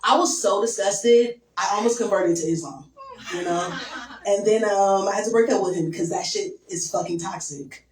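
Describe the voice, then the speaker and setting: A young woman doing a stand-up set, crude and deadpan, with lots of "um" and "like". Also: mid-range voice, normal speed. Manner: crude, deadpan, filler-heavy. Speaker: stand-up comedian. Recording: echoey room from far off.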